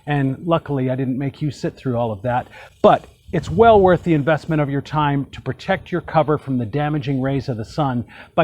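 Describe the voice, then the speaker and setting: A man's voice: on the high side, a little mellow, highs cut off. A man hosting a casual how-to tutorial, chatty and folksy, with joking asides. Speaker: hot tub channel host.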